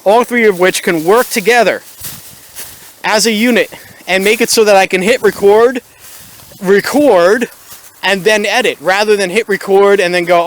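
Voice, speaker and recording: High-pitched guy ranting at the camera, sarcastic and fed up, cheap camera mic. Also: normal speed, pauses often, a bit bright. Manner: sarcastic, exasperated, talks straight to viewers. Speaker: video host. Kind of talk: ranting vlog commentary. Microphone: built-in camera microphone.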